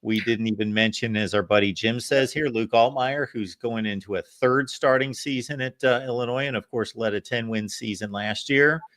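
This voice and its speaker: A man hosting a sports talk show, giving steady, assured analysis. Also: mid-range voice, moderate pace, few pauses. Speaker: show host.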